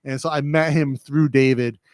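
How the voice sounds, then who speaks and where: A man's voice: medium pitch, steady tone, normal speed, no room sound. A man with a New England accent, hosting a casual livestream chat in a studio, talking in a laid-back, agreeable way. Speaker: host.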